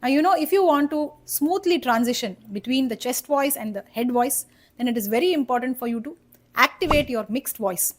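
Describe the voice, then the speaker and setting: Woman voice teacher, fairly high pitch, step-by-step instructional delivery. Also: a little fast. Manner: checks in with "okay?" and "right?"; explains patiently, step by step. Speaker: voice coach. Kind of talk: instructional singing lesson.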